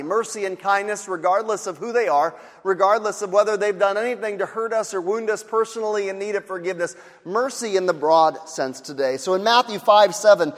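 A man preaching a sermon, repeating his key phrases for emphasis and acting out the voices of sighing bystanders. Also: sits high. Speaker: pastor. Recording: long hall reverb.

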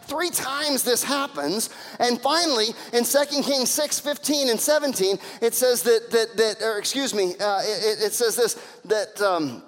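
High-voiced man preaching in a reverberant hall. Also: measured pace. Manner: animated storytelling with acted-out voices. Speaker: pastor. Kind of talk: sermon.

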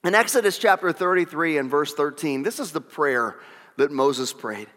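A man preaches with a high, bright, forceful tone, circling back to key phrases and asking the congregation questions. His voice rings out with a long reverb, as in a big church sanctuary. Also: normal speed. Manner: emphatic preaching with repeated phrases and rhetorical questions. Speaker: pastor. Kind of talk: sermon. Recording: long reverb of a large hall.

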